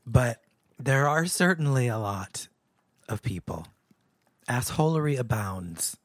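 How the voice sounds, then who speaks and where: A podcast co-host chats casually in a dry, sarcastic manner, drawing out repetitions. His mid-range voice has lively intonation, and the recording is dry.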